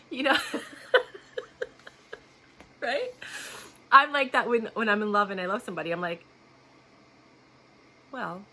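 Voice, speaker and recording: A blunt, outspoken woman vlogger chats straight to her viewers with a bright, forceful voice. She talks in a loose, casual storytelling way and laughs often. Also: fairly high pitch, very animated, a little slow, long pauses.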